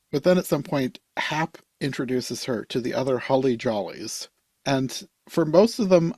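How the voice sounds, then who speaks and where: A man hosting a podcast, chatting casually about a movie with a laid-back, wry manner that drops into quiet asides. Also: mid-range voice, slightly rough, no room sound. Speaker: podcast host. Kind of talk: casual movie review chat.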